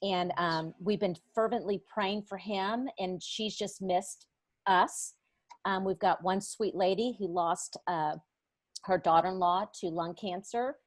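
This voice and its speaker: A middle-aged woman recounts a story as a podcast guest, with a voice of middling pitch. She is animated and vivid, bringing other people's voices to life as she tells it. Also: unhurried, no room sound. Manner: animated, acts out others' voices in her stories. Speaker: Bible study teacher, podcast guest. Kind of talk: storytelling in a conversation.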